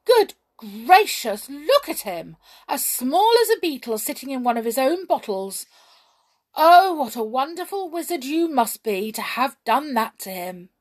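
A woman voicing a boastful, excitable male goblin in a storybook reading, with loud shrill outbursts. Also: measured pace, breathy edge, heavily acted. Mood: gushing.

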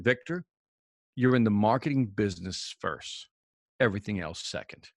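A man, a professional speaker, telling a lively story in an interview and acting out the dialogue. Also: on the low side, normal speed, no room sound, clean studio sound.

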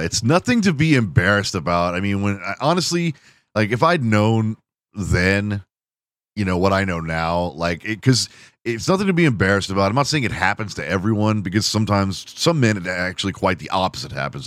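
A man's voice: deep voice, lively intonation, moderate pace, fairly bright tone, dry recording, studio quality. A man hosting a podcast, telling crude, self-mocking stories in a casual monologue. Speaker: podcast host.

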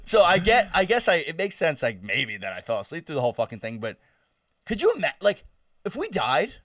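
A man's voice: fairly high pitch, brisk, no echo, clean studio sound, distant mic. A man in his twenties telling a story in casual chat, swearing and laughing as he goes. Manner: animated, swearing, laughing, acts out screams.

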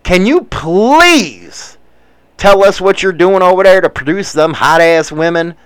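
A man in his forties with a Chicago accent, rambling through news with profane, animated asides. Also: high voice, moderate pace, clear, resonant tone, no room sound. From United States. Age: 40s. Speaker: commentator reading news. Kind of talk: casual commentary.

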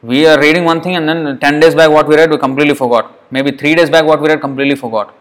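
A man's voice: on the high side, fairly even intonation, fast. Earnest man teaching a scripture class. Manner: earnest, repeats words for emphasis. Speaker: lecturer.

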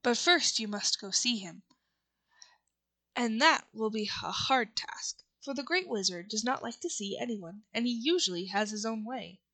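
A patient, thoughtful storybook farmer explains the world in measured tones, as a woman reads his lines aloud. The voice sits a little high for a man. It stays close to the reader's own voice. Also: expressive, sharp tone, exaggerated voice. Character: thoughtful grown man, a friendly farmer host. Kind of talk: audiobook reading.

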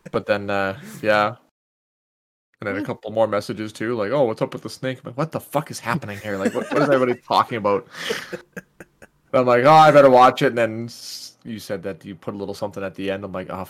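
A man's voice: fairly low pitch, brisk. Laid-back man on a casual podcast. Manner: laughing, swears freely, animated retellings. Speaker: podcast co-host. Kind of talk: casual chat.

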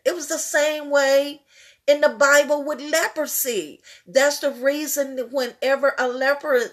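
A woman's voice: high voice, fairly bright tone. A woman preaching a sermon, fervent and repetitive, building into emotional crying out.

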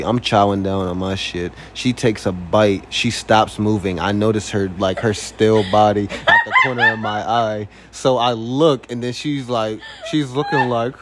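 Animated young man telling stories. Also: on the low side, moderate pace, hardly any pauses, slight background noise. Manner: animated storyteller, swears freely, acts out voices. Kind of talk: casual couple chat.

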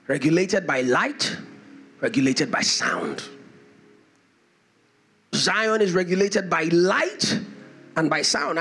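A male pastor preaching a fervent sermon, repeating key phrases and building to shouts. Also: fairly high pitch.

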